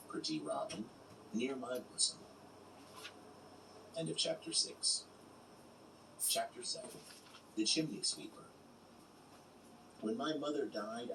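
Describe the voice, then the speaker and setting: A man reciting poems in a slow, measured, unhurried way, as an audiobook reader. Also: mid-range voice. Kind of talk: slow poetry reading. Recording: roomy, distant mic with background noise.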